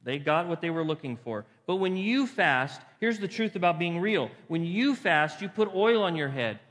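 A man's voice: a little high, animated, moderate pace, a bit bright. Man preaching in a reverberant hall. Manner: conversational, asks the crowd rhetorical questions; repeats phrases for emphasis. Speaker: pastor. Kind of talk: sermon.

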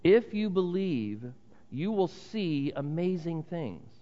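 Male pastor, slightly high voice, dramatic sermon delivery with hushed emphasis; reverberant church, muffled lo-fi sound. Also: sing-song, slow pace. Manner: earnest, dramatic, drops to a hush for emphasis. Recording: reverberant hall, dull lo-fi sound.

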